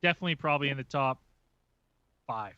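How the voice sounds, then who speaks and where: A man's voice: medium pitch, fast, sharp tone, smooth, no echo, muffled recording. A man co-hosting a call-in show, chatting casually in a teasing, jokey way. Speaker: co-host. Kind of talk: casual call-in radio chat.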